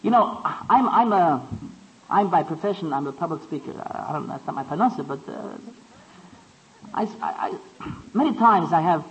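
A man's voice: fairly high pitch, expressive, normal speed, slight background noise. A man giving a Torah talk, stammering through restarts and rising to impassioned peaks. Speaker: speaker. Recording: dull lo-fi recording.

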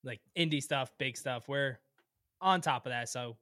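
A man guesting on a podcast, upbeat and quick to laugh, plugging his show. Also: medium pitch, bright, forceful tone, dry recording, clean studio sound. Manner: upbeat, laughing often, promotional. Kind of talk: casual chat.

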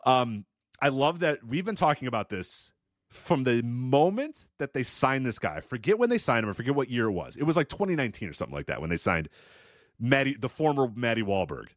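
A man's voice: mid-range voice, sing-song, brisk, no echo. A man co-hosting a wrestling podcast, sardonic and rambling with frequent laughs on a close mic. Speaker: podcast co-host. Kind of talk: casual chat.

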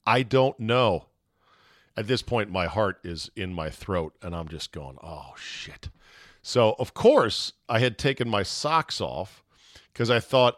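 A middle-aged man hosting a podcast, telling a personal story in casual, animated talk, acting out shouts and swearing now and then. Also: mid-range voice, dry recording, clean studio sound. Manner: animated, acts out quoted shouts and panic. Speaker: podcast host.

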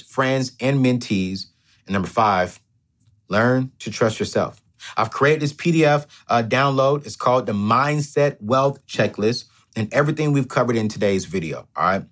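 Male host, fired-up motivational talk, lively pitch swings, preachy and punchy. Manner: emphatic, preacher-like, slips into self-talk.

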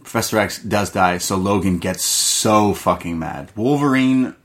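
Casual male podcast reviewer, low voice, rambling profane recap. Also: measured pace. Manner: rambling, profane, many fillers. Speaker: movie podcast co-host.

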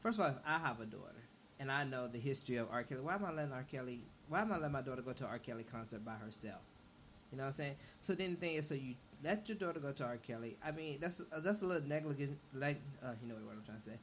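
A man's voice: mid-range voice, lively intonation, rapid-fire, slight background noise. A man co-hosting a talk show, giving opinions in an emphatic, critical way. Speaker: radio show co-host. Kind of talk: casual chat, opinionated commentary.

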